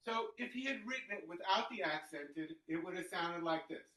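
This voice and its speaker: A man's voice: high-pitched, lively intonation. Man explaining music, roomy and distant. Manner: hums and sings rhythms to illustrate; halting, restarting phrases. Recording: roomy sound from off-mic.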